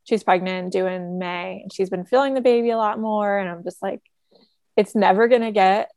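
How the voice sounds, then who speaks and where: A woman co-hosts a podcast, keeping the chat casual, relaxed, and supportive. Her voice is medium-pitched at a normal speed, captured in clean studio sound without echo.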